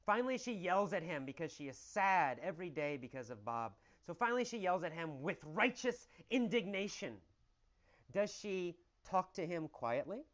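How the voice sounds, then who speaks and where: Male English teacher, lively storytelling delivery, answers his own questions, slightly muffled lo-fi recording. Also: high-pitched, normal speed. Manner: animated, exaggerated storytelling with repeated questions and answers.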